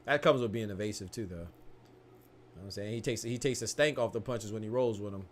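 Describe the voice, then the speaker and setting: A young man giving casual live commentary on a boxing match, slangy and excitable, often restarting sentences and laughing. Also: lowish voice, fast talker, a little hiss or hum.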